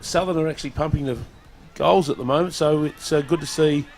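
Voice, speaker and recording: A man's voice: on the high side, brisk, a little mellow. A man with an Australian accent, a guest commentator at a local football game, talking in a chatty, hesitant way. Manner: chatty, hesitant, many fillers. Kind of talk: casual sports commentary. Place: commentary box at an outdoor oval.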